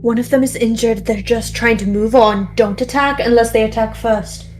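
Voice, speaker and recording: A woman playing her character at a tabletop game, speaking calmly and cautiously. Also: fairly high pitch, moderate pace, faint music behind. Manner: calm, cautious. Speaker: player.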